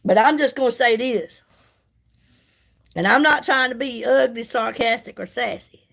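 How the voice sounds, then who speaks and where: High-voiced chatty woman. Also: normal speed, gravelly, fairly bright tone, rough recording. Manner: chatty, sassy, folksy, greets viewers by name. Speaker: livestream host selling products. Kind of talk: casual live chat while doing makeup.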